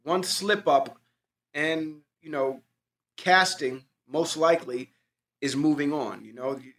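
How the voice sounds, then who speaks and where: A man chatting casually about the acting world, telling his stories with plenty of swearing and quoted dialogue. His voice sits a little on the high side. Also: takes it slowly, fairly bright tone. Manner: loose, profane anecdotes with quoted dialogue. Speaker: actor, podcast guest. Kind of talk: casual storytelling chat.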